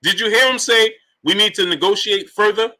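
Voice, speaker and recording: A boxing talk show host with a high-pitched, bright, forceful voice moves at a moderate pace. On his live stream he reads out super chats and fires rhetorical questions at the audience again and again.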